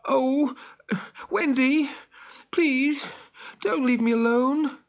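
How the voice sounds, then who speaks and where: A man's voice: high-pitched, wildly swooping pitch, slightly rough, voice pushed up, full character voice. A man reading a storybook aloud and voicing a cocky, boastful boy who crows when pleased and snaps when cross. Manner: crowing, quick to snap.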